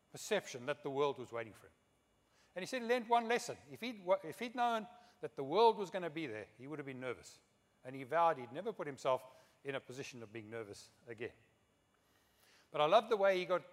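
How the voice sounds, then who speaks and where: A middle-aged man giving a conference speech, telling humorous anecdotes and quoting others in his own voice. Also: a little high. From South Africa. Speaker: keynote speaker. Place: conference hall. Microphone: podium microphone. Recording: long hall reverb.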